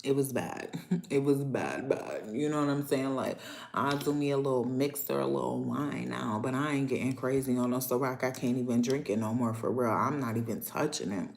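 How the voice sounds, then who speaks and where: A woman from Niagara Falls with a New York accent, hosting a casual livestream chat and talking to viewers in loud, playful street slang, swearing freely. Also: very deep voice, normal speed, gravelly, a little hiss or hum. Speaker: livestream host.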